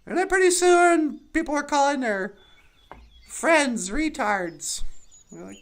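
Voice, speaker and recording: A woman's voice: high-pitched, takes it slowly. A woman telling stand-up stories in a sardonic way, acting out other people's voices as she goes. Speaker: comedian. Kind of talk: stand-up storytelling.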